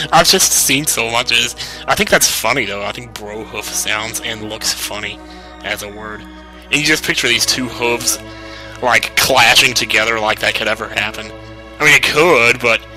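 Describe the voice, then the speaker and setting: A man's voice: medium pitch, low-quality recording. A young man giving casual, joking, rambling commentary while playing a video game. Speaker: let's play commentator.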